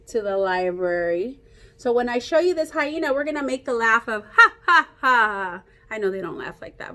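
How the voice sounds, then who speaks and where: A woman reading a picture book aloud to children, animated and playful, coaxing them to join in with call-and-response. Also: on the high side. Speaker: children's storyteller.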